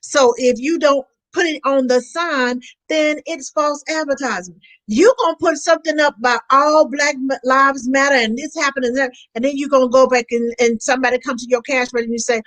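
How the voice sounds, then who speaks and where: A woman with a high voice talks in a lively, animated way during a casual conversation. She tells stories and slips into the voices of the people she quotes. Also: brisk, poor audio. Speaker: co-host. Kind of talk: casual video chat.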